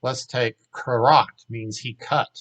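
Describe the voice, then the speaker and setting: A man with a Southern American accent teaching a grammar lesson in a casual way, saying each word slowly and repeating it for drill. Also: mid-range voice, fairly even intonation, fairly bright tone, rough recording. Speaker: Hebrew teacher.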